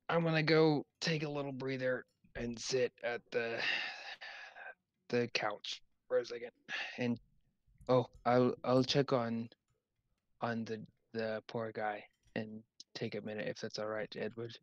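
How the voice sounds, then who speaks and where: A man's voice: mid-range voice, little pitch movement, a little slow, no echo, lo-fi sound. A man playing a tabletop role-playing game, speaking in character in a nervous, apologetic way. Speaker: player.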